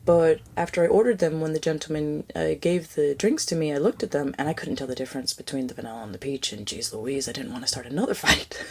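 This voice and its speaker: Low, gravelly woman half-whispering her story. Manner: soft-spoken, often dropping to a breathy near-whisper; halting, full of fillers and restarts. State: tearful, emotional. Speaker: podcast host. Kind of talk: spiritual storytelling monologue.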